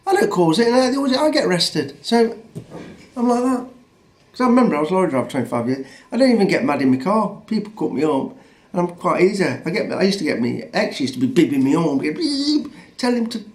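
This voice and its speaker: Bloke in his 50s ranting about a road incident, swears a lot, bit higher voice, keeps restarting. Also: a little mellow. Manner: blunt and sweary, rambling with restarts. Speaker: vlogger. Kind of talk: casual storytelling rant.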